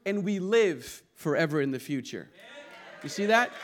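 A male pastor preaching a sermon in a church, energetic and conversational, calling on the congregation to respond. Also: fairly high pitch, moderate pace.

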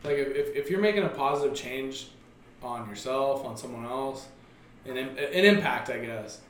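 A man's voice: medium pitch, expressive, moderate pace, slight background noise. A young man co-hosting a podcast in casual chat, hesitant and stammering, laughing along. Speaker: podcast co-host. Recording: echoey room, off-mic, faint ambience.

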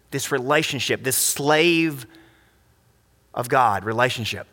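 A man preaching a sermon as pastor, emphatic, swinging between loud high phrases and quiet low ones. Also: a little slow. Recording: long reverb of a hall.

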